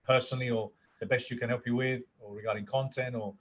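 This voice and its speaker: British man, quick talker, joking co-host, casual video call chat. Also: medium pitch, fairly even intonation, a bit bright, a little hiss or hum.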